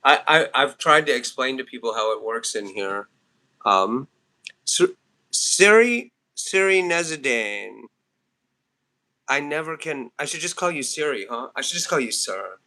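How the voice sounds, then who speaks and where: Bright-voiced man in his fifties. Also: mid-range voice, animated, a little slow. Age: 50s. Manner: laughs often, talks back to chat comments. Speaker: live streamer. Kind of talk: rambling casual live stream chat. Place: home, near a trailer.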